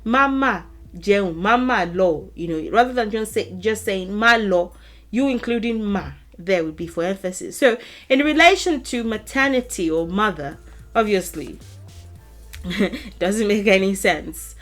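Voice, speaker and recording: Speaking to camera with faint music in the background, a woman teaches a relaxed language lesson in an animated, medium-pitched voice. She takes her time, drawing out example phrases as she repeats them, and laughs softly between points.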